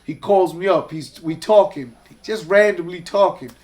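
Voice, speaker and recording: A man's voice: sits high, moderate pace. A man, a guest telling casual, profane stories and acting out the people in them. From Hollis, Queens, New York. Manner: animated, profane, acts out voices in stories. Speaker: guest, music executive. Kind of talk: casual storytelling.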